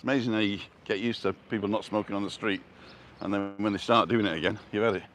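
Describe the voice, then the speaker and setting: A man's voice: lowish voice, fairly even intonation, fast, a bit bright, a little hiss or hum. Chatty older man walking outdoors. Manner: chatty, answers viewers' comments while walking. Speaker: live-stream vlogger. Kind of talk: casual live-stream walk and chat. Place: outdoors on a street.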